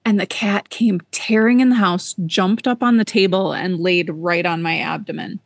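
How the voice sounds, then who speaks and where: A woman co-hosting a podcast, telling a personal story in a casual, animated way and repeating words for emphasis. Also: on the low side, moderate pace, no echo. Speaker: podcast co-host.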